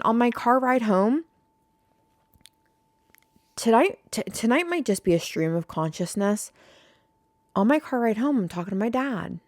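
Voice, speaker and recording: A woman's voice: on the high side, no room sound, clean studio sound. A young woman hosting a casual podcast, rambling and swearing freely as she vents to her listeners. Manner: rambling, profane, fired-up. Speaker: podcast host.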